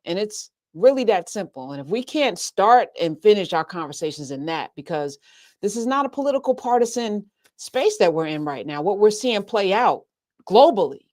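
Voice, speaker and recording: A woman's voice: medium pitch, sing-song, moderate pace, darkish tone, dry recording, clean studio sound. A woman co-hosting a podcast, speaking in an earnest, reflective, conversational way. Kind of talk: casual discussion.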